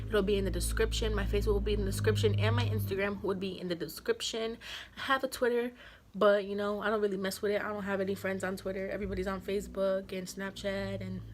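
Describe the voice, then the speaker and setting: A young woman records a casual story-time vlog. She talks in loose slang and stays animated throughout, slipping into reenactments of the dialogue in her retelling. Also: medium pitch, a little hiss or hum. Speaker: vlogger telling a story.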